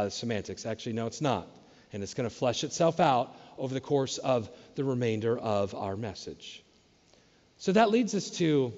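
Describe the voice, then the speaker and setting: Animated preacher man in a reverberant hall. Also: medium pitch, lo-fi sound. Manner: animated preacher, acts out questions in a raised voice. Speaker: pastor. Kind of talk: sermon. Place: church sanctuary.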